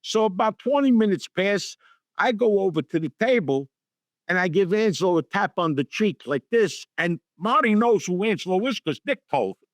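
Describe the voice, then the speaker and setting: A man's voice: sits high, normal speed, no room sound, clean studio sound. A middle-aged man, telling stories as a guest and acting out the people he quotes. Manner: animated storyteller acting out quotes in voices. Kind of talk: storytelling interview.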